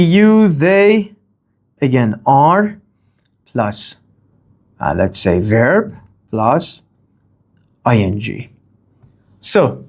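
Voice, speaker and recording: A man teaching English grammar in a rambling, lively way, with many asides and checks of "okay?". English is not his first language. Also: mid-range voice. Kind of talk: grammar lesson.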